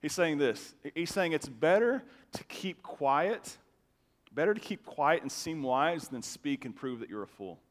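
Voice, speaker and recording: Male pastor, slightly high voice, casual animated sermon delivery, long church reverb. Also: measured pace. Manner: conversational, animated, with stammered restarts. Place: church sanctuary.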